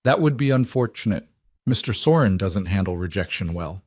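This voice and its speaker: Brief: a man doing a hulking Russian henchman, cold and polite, low voice, dry close sound. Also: normal speed, no room sound. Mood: coldly polite. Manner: calm, coldly polite threats. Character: menacing burly Russian male enforcer.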